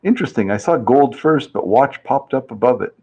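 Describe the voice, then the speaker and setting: A man's voice: mid-range voice, expressive, fairly quick, darkish tone, slightly rough. A man hosting a casual live-stream survey game, chatty and reading viewers' answers aloud with easy laughs. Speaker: livestream host running a survey game.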